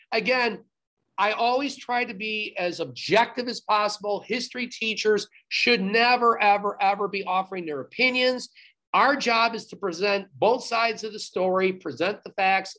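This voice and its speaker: Through a laptop video-call setup, a high-pitched, somewhat bright-sounding man delivers a recorded history lecture. He's emphatic, going over instructions more than once and slipping in remarks to his class.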